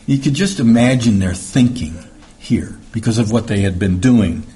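A man's voice: fairly low pitch, moderate pace, mellow. A man teaching through scripture verse by verse in a conversational sermon, with plenty of fillers and restarts, who acts out the voices in the passages he reads. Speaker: Bible teacher. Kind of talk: verse-by-verse Bible study sermon.

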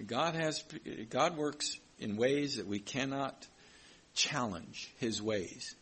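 A man's voice: medium pitch, lively intonation, takes it slowly, a bit bright, husky, low-quality recording. A man preaching a sermon, reading Bible verses aloud and explaining them, with some hesitant restarts. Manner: reads scripture aloud and comments, with hesitant restarts.

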